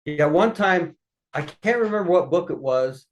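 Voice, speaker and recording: A man, a podcast guest, telling family anecdotes in a folksy, lively way. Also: on the high side, normal speed, low-quality recording. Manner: folksy, lively storyteller acting out voices. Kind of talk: anecdotal storytelling.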